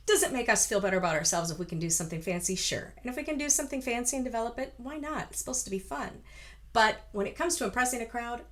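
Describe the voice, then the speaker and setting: An American woman vocal coach speaks at a medium pitch while giving a chatty, encouraging singing lesson. She breaks into full-voiced sung examples along the way.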